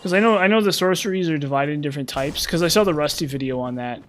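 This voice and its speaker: A man's voice: on the high side, quick pace, soft background music. A man giving casual gameplay commentary, rambling and thinking aloud with self-deprecating asides.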